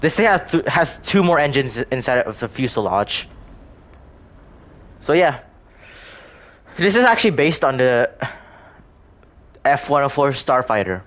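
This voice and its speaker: Very animated yet unhurried, with long pauses, a man with a mid-range, slightly bright voice walks through his own game builds. This gaming video creator rambles and hesitates, often restarting and correcting himself.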